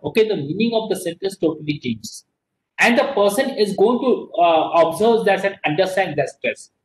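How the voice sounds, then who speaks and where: A man's voice: high-pitched, echoey room, low-quality recording. A man with an Indian accent giving a classroom lecture, repeating himself and often asking "okay?", switching between English and Hindi. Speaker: teacher.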